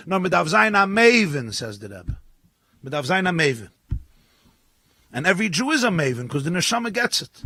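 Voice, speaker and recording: Animated, bright-voiced rabbi preaching. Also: male voice, high voice, creaky, no room sound. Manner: animated storytelling, acting out voices, rising to shouts. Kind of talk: lively sermon at a live gathering. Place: live event with an audience.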